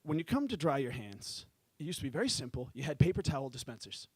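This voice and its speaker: A man performing stand-up comedy, telling stories in an animated, profane way. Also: mid-range voice, fast, breathy edge, no room sound.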